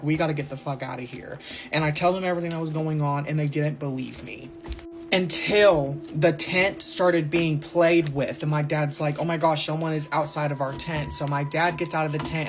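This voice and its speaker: A young person telling a scary camping story casually, animated and swearing freely. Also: medium pitch.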